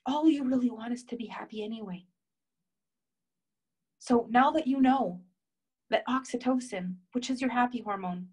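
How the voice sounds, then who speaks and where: A woman coaching a group call, encouraging her listeners and reading out their comments. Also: fairly high pitch. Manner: warm, encouraging, reads out members' comments. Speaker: relationship coach.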